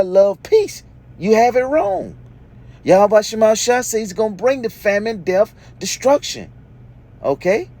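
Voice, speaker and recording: A man's voice: high voice, a little mellow. A man teaching a sermon, reading verses aloud and explaining them emphatically, checking in with "okay?" after nearly every point. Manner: emphatic, repeats "okay?" often, reads scripture aloud then explains. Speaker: preacher.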